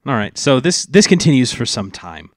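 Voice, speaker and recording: A man narrating a tabletop game as dungeon master, slow and halting with many fillers. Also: medium pitch, very animated, noisy background.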